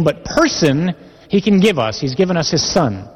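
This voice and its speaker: Male preacher, earnest sermon, husky tone, long church-hall echo. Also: big pitch swings, normal speed. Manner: earnest, rises in pitch when quoting scripture. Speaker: priest or preacher.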